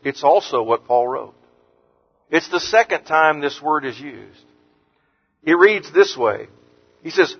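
A man preaching an earnest sermon as pastor, lifting his voice on scripture quotes and dropping low and soft on words of comfort. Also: animated, slow pace, vocal fry, pauses often, slightly rough. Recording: muffled sound with long hall reverb.

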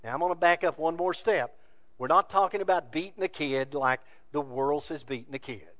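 A man preaching a sermon from scripture, building to loud emphatic peaks and dropping to quiet asides. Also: a little high, moderate pace, dry recording. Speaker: pastor.

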